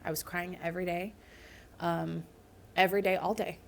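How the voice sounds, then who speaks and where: A woman's voice: on the low side, little pitch movement, moderate pace, vocal fry. A woman in her thirties, a podcast guest, speaking earnestly about her own life in a candid interview. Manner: earnest, personal storytelling. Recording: faint background noise.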